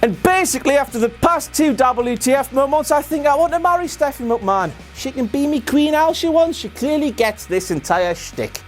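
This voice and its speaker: Man, comedy recap host; high-pitched, animated, sweary and sarcastic. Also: moderate pace, few pauses, soft background music. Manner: sarcastic, profane, jokey, slips into silly voices. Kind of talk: comedic wrestling commentary.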